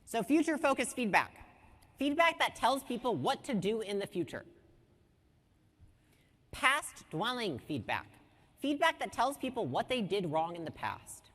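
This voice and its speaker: A woman in her thirties giving an energetic business workshop, blunt, swearing casually and asking her audience questions. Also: on the high side, unhurried, pauses often, big-room sound. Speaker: business speaker teaching a workshop.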